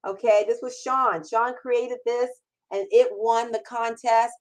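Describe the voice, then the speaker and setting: An upbeat middle-aged woman hosts a live-streamed Q&A, speaking fairly high. She talks with bubbly energy, stacking repeated words for emphasis and sounding excited. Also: measured pace, low-quality recording. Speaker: host. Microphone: camera mic on a livestream.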